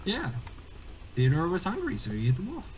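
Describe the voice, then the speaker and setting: A man improvising a playful story while gaming, with deadpan punchlines. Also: high voice, moderate pace, breathy edge, rough recording. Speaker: gamer telling a story. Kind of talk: improvised storytelling on a game stream.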